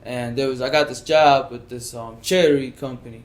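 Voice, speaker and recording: A man telling a personal work story in a casual chat, animated, often repeating words and restarting. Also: medium pitch, fairly quick. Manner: animated, acts out his own inner voice and others in quotes. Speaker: guest.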